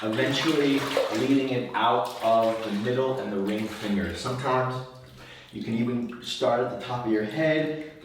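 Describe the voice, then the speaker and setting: A man, a wellness coach, giving a relaxed, conversational how-to talk from his bathtub, rambling a little and repeating words as he goes. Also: mid-range voice, distant mic, noisy background. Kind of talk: casual instructional talk. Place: bathroom, in a bathtub. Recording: very echoey room, voice from off the mic.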